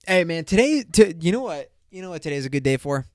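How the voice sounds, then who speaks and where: A young man hosting his own podcast, rambling loosely and crudely in casual solo talk with bursts of excitement. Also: a little high, fast, no echo, clean studio sound. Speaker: podcast host.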